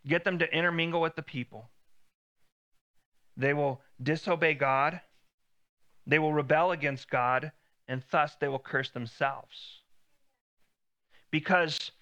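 Guy preaching a sermon, high bright voice, chatty, gets louder quoting god. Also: highs cut off. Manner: conversational preaching, quotes God with rising emphasis.

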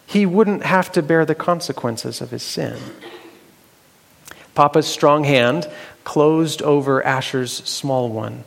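A man telling a Bible story aloud, unhurried and halting, with fillers and restarts. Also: on the high side, gravelly. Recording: long hall reverb.

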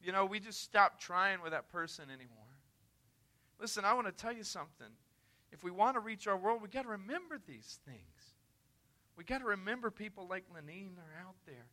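Male missionary preacher, emphatic storyteller, sharp, ringing tone. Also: high-pitched, lively intonation, a little fast. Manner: earnest, emphatic, conversational. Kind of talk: sermon storytelling.

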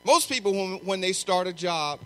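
A middle-aged man preaching a sermon, emphatic and often shouting, repeating lines for stress. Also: high-pitched, lively intonation, moderate pace, low-quality recording.

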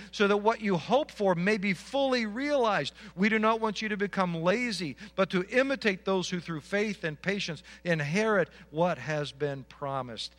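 Man, pastor, sermon, slightly high voice, earnest, repeats words, emphatic. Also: fairly bright tone.

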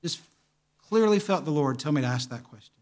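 Man preaching with a raised pitch. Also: expressive, a little fast. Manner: vivid storyteller, acting out dialogue; quiet, earnest. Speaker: pastor. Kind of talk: sermon storytelling.

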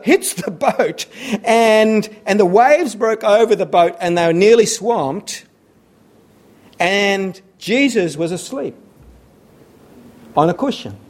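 A man's voice: high-pitched, animated, slow pace. A man preaching a sermon, earnest and repeating phrases for emphasis.

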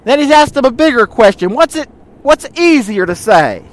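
A man's voice: extremely high pitch, sing-song, moderate pace. A male pastor preaching a sermon, speaking directly to the congregation and retelling scripture with rhetorical questions.

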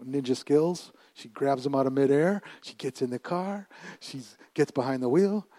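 Animated middle-aged male preacher. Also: mid-range voice, moderate pace, no echo. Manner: animated, laughing often, swinging from hushed to loud, repeating words. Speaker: pastor. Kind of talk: sermon.

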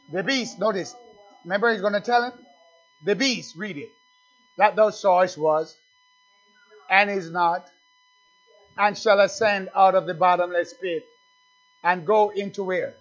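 A man's voice: high voice, measured pace, pauses often, fairly bright tone, lo-fi sound. A man preaching a sermon in call-and-response style, acting out little dialogues with the congregation.

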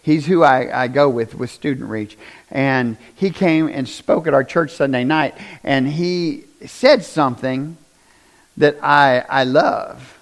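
A man preaching a conversational sermon, often asking the congregation questions and rising to loud, emphatic bursts. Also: medium pitch, slow pace. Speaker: pastor.

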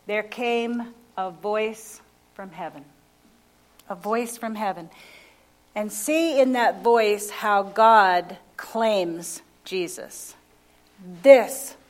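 Preaching slowly and with emphasis, a woman in a mid-range voice repeats her key phrases and questions the congregation.

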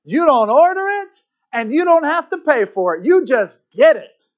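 A man voicing a motherly Southern waitress in a high, drawling, sweet voice with a Southern US accent. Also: big pitch swings, normal speed, muffled recording. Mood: sweet, reassuring. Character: warm elderly-sounding southern waitress woman, motherly.

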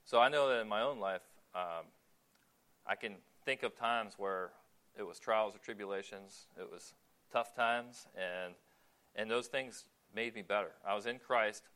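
A man preaching a sermon in a relaxed, conversational way, asking the listeners questions and pausing on fillers. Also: lowish voice, smooth.

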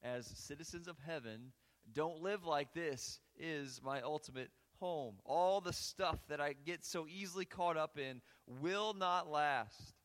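A man's voice: on the high side, a little slow, fairly bright tone. A male pastor preaching a sermon and reading scripture aloud with earnest, rising emphasis in a church sanctuary. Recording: long hall reverb.

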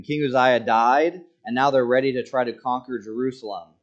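Joking preacher man, muffled sound. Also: mid-range voice. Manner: conversational and joking, with dramatic quoted lines. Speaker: pastor. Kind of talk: sermon.

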